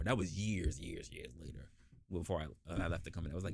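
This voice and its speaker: A man hosting a podcast, telling a casual story and acting out the people in it with big jumps in pitch, swearing freely. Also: quick pace, vocal fry, dry recording, clean studio sound. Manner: animated, acts out quoted voices with big pitch jumps, swears. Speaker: podcast host.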